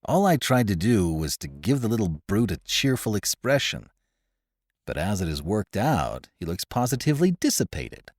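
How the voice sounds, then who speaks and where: Narrator playing an anxious artist, low-voiced and hesitant. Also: male voice, sing-song, moderate pace, darkish tone, no echo, clean studio sound. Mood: glum. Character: anxious young male painter, gloomy.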